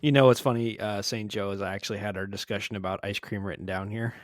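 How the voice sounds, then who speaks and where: A man co-hosting a podcast in casual chat, reminiscing, laughing often and acting out quotes loudly. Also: on the low side, steady tone, fast, no echo, clean studio sound. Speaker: podcast co-host.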